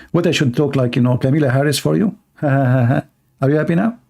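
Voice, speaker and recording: A man hosting a livestream, speaking sarcastic, mocking broken English and swinging between loud outbursts and exaggerated slow, soft talk. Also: medium pitch, animated, vocal fry. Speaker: livestream host. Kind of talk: livestream debate commentary.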